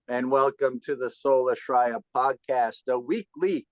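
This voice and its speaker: Brief: young male podcast host, upbeat and laughing, unhurried delivery, dry close sound. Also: medium pitch, no room sound, poor audio. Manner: upbeat, laughs often, stumbles over words. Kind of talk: casual podcast chat. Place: at home.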